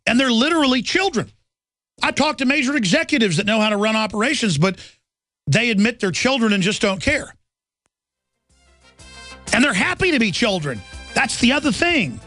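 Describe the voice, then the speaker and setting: A man's voice: extremely high pitch, big pitch swings, normal speed, pauses often, bright, forceful tone, no echo, faint music behind. A middle-aged man hosting a talk radio show, delivering an urgent, ranting monologue full of "uh" fillers. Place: radio studio.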